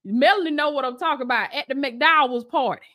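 High-pitched, brisk and pushed, with a bright edge, this woman's voice carries an emphatic sermon to her online audience. As a Christian lifestyle coach and preacher, she talks right to her listeners and keeps repeating rallying calls to stand firm.

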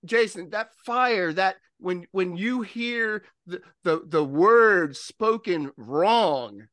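Man, high voice, dry close sound, emphatic preaching in a chat. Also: animated, takes it slowly, fairly bright tone, no echo. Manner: emphatic, exhorting, many "listen" and "okay". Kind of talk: preaching in conversation.

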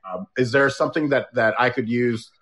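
A man's voice: mid-range voice, steady tone, brisk, a bit bright. A man hosting a casual chat, joking and self-deprecating, tossing in playful questions. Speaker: host. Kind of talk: casual live-audio chat.

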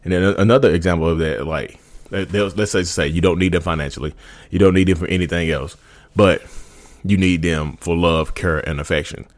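A man talking straight to his viewers in a casual, informal way, often restarting and repeating his phrases. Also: deep voice. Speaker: vlogger speaking about narcissism. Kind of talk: casual direct-to-camera talk.

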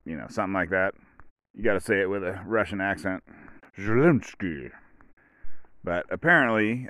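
A man hosts a casual solo podcast in a fairly low, clear, resonant voice, captured in a dry recording. He rambles offhandedly, tossing in dry joking asides and peppering his talk with "like" and "whatever."

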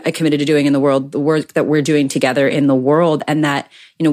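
A woman's voice: low voice, a little mellow. A young adult woman co-hosting a podcast in casual chat, candid and effusive, swearing freely. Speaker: podcast co-host.

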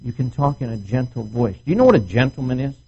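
Male pastor, husky voice, lively swinging pitch, animated sermon, middle-aged. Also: fast, highs cut off. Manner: animated preacher acting out quoted voices. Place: marriage retreat meeting room.

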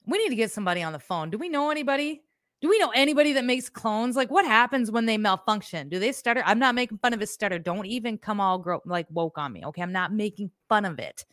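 A woman's voice: medium pitch, lively intonation, fast, a bit bright, dry recording, studio quality. A woman hosting a podcast, giving blunt, profane, sarcastic political commentary in a casual way. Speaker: podcast host.

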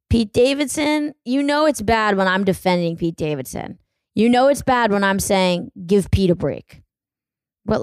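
A woman's voice: a little high, dry recording. Young woman rambling on her podcast, lots of likes and ums, dry close mic. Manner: rambling, self-deprecating, chatty with many fillers. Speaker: podcast host. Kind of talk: casual solo chat.

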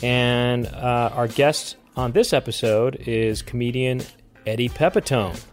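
A man's voice: mid-range voice, fairly even intonation, unhurried, soft background music. A man hosting a comedy podcast, upbeat and laughing in casual chat with his co-hosts. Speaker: podcast host.

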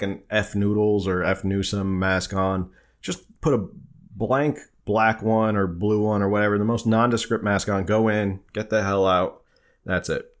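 A man with a fairly low voice hosts a casual live stream and answers viewers' questions as they come in. He talks loosely and conversationally, full of fillers and restarts. He grew up in New Jersey. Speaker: livestream host.

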